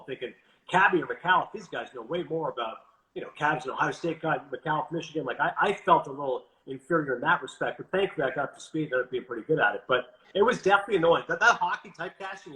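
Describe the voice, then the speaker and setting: Fast, bright-voiced Canadian man. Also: fairly high pitch, roomy sound, rough recording. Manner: animated, quick, quotes others in lively asides. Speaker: guest broadcaster. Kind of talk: casual interview storytelling.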